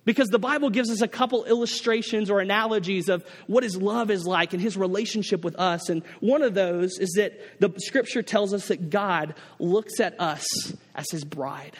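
A man's voice: sits high, moderate pace, hardly any pauses, big-room sound. A man preaching a sermon to his congregation, telling a story with many restarts and acting out the people in it. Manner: storytelling, animated quoted voices, many restarts. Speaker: pastor.

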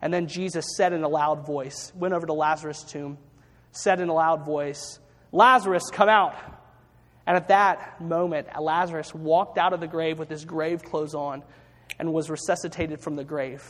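An earnest male pastor preaching, his voice sitting a little high for a man. He restarts phrases and slows down to stress key words. His sermon rings out with a long reverb. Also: steady tone.

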